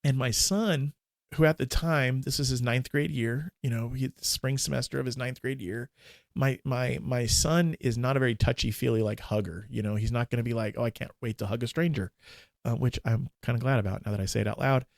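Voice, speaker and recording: A man in his forties, a minister and podcast guest, telling a candid, emotional personal story in a halting way with many restarts. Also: mid-range voice, gravelly, no echo, clean studio sound.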